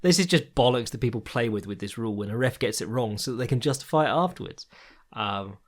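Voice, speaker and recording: A man's voice: medium pitch, expressive, quick pace. A man chats loosely through his podcast commentary, full of ums and restarts. He swears freely and laughs now and then as he rambles on. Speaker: podcast host.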